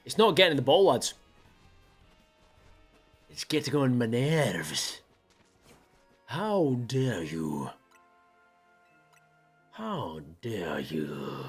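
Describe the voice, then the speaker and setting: A young man chatting casually with viewers while streaming a game, playfully mopey and theatrical. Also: mid-range voice. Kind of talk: casual live-stream chat.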